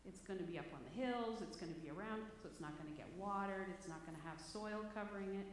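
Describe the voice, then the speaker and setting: In a church hall, a woman preacher gives a chatty, storytelling sermon with a self-deprecating touch, speaking fast at a medium pitch. The hall is echoey, with faint background noise.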